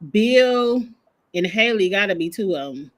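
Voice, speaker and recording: A woman co-hosting a casual chat show, relaxed and conversational as she speculates. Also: medium pitch, unhurried. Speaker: podcast co-host.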